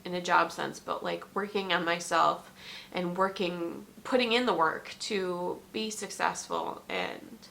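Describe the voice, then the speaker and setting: A woman talking openly in a personal vlog, emotional and halting, fighting back tears and pausing often with fillers. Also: fairly low pitch, gravelly, a bit bright. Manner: emotional, tearful, halting with many ums. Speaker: vlogger.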